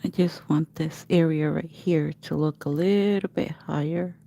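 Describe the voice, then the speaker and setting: A woman's voice: sits low, fairly even intonation, measured pace, creaky, mellow. A woman nail artist hosting a live tutorial, chatting to her viewers by name and narrating her steps as she works.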